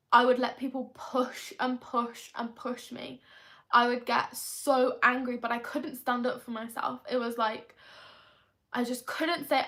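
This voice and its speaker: A woman's voice: on the high side, pushed and bright. A young woman talking through a confessional vlog as a manifestation coach, in a chatty, rambling way full of tag questions.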